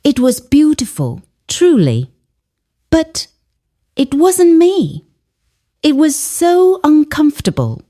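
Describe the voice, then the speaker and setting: A woman's voice: sits high, wildly swooping pitch, slow, pauses often, dark tone, pitched above the performer's own voice, full character voice. A woman voicing a hurt mother of a grown son, speaking in a trembling, pleading way in a storybook reading.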